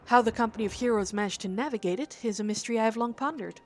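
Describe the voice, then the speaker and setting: Woman reading as a poised game scholar, formal and measured, fairly high voice. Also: a little hiss or hum, natural voice. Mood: thoughtful. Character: calm, learned female scholar.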